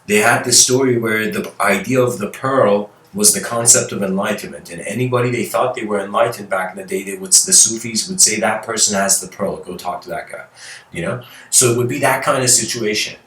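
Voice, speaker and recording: Forceful man lecturing in an echoey room. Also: mid-range voice. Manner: rambling, with many fillers and restarts, and animated. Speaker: spiritual lecturer. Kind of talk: storytelling lecture. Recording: echoey room, mic at a distance.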